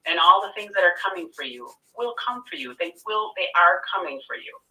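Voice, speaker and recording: A woman with a lower voice that swings widely in pitch, bright and forward in tone. She chats casually about her readings, filling her talk with "like", and sounds set back from the mic on a video call. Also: animated, fairly quick, recorded from a distance, low-quality recording. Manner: filler-heavy, lots of "like". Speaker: spiritual reader. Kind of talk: casual chat.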